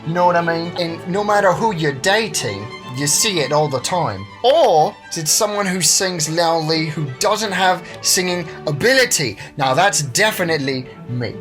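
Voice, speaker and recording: A man's voice: a little high, expressive, normal speed, few pauses, over music. A man co-hosting a casual word quiz, joking around and slipping in and out of mock accents. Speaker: co-host of a word quiz stream. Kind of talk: casual chat.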